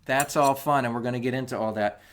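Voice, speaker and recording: A man's voice: mid-range voice, fairly even intonation, quick pace. A man teaching a music lesson on video, patient and step by step, counting beats aloud as he demonstrates. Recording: clicking spoons heard behind. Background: clicking of spoons.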